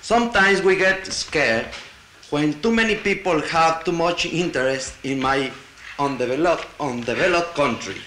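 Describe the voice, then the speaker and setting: On a 1960 archive tape from an echoey hall, a Latin American conference delegate gives a speech, partly reading his paper aloud. His voice is bright and a little high, with some hiss or hum, and he halts, restarts, and throws in wry asides.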